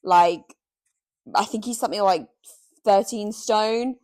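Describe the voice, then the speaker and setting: A woman's voice: medium pitch, slow pace, a little mellow, dry recording. Young female co-host, loose chatty delivery, dry recording. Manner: rambling, heavy on "like", swears freely. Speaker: podcast co-host. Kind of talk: casual chat.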